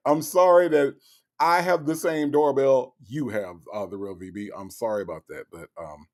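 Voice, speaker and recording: A man hosts a livestream in casual chat, reading viewer comments aloud and teasing them playfully. His mid-range voice has an unhurried pace.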